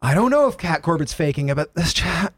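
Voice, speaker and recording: A man co-hosting a comedy podcast, talking in an animated, swearing rant and mimicking radio voices. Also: fairly high pitch, a little fast, no room sound, studio quality. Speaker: podcast co-host. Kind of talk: casual comedy chat.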